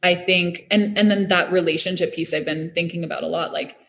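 A woman's voice: on the low side, steady tone, a little fast, vocal fry, fairly bright tone. A woman talking in a reflective, earnest way, often laughing and restarting her sentences. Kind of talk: reflective casual conversation.

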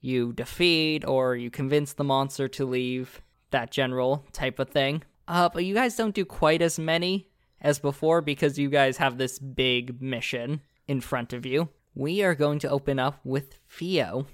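A man's voice: mid-range voice, unhurried, clean tone, no room sound, clean studio sound. A young man as game master, narrating a tabletop game in a loose, casual way, with fillers and restarts.

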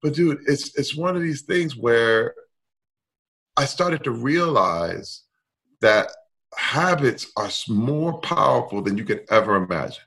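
A middle-aged man talking candidly in a conversation, emphatic and expressive, moving between loud and soft. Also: mid-range voice, measured pace, slightly rough. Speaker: guest.

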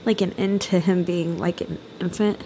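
A woman's voice: on the low side, fairly even intonation, normal speed, vocal fry, dark tone, a little hiss or hum, rough recording. A young woman co-hosting a casual podcast, tearful, reflective and hesitant with many fillers. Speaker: podcast co-host.

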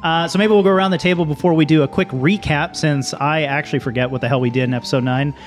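A man's voice: on the high side, steady tone, fast talker, soft background music. A man hosting a tabletop game podcast, chatting casually and laughing with his players. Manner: laughing, easygoing. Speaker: host and game master.

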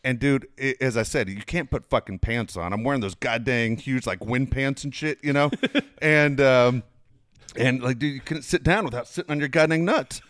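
Brief: middle-aged man, animated profane storyteller, dry close mic. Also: mid-range voice, moderate pace, no echo. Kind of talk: casual storytelling chat.

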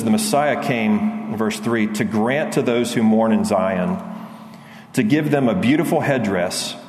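A man preaching a sermon in an earnest way, rising and quickening with fervor, then dropping low on key lines. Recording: echoey hall, faint background noise.

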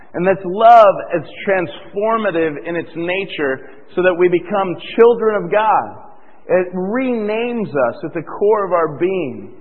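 A man with a slightly high, husky voice preaches a sermon, talking to the congregation casually and slipping into the voices he quotes. The recording is tinny and thin, as if heard over a phone line, with a long reverb trailing off the walls of a church hall. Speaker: pastor.

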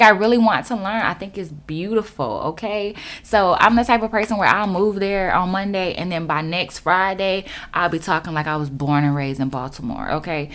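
A woman's voice: fairly low pitch, fairly bright tone. A woman in her twenties from Florida, chatting casually and animatedly to her viewers. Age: 20s. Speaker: vlogger. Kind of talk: casual chat to camera.

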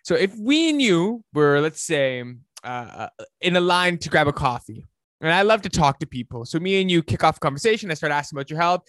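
Man, motivational coach, emphatic and preachy, animated delivery, dry close sound. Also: a little high, a little fast, no room sound. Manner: emphatic, preachy, swings between loud and hushed. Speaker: fitness coach. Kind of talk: motivational talk to camera.

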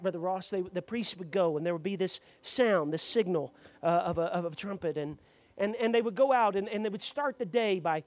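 Heard on a dry recording, a high-voiced man preaches to a church congregation. He starts out explaining quietly, then rises into loud, fervent preaching, calling on members by name.

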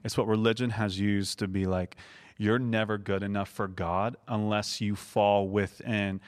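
A man's voice: fairly low pitch, flat delivery, unhurried. A young man in a casual faith conversation, talking earnestly and building to emphatic passages.

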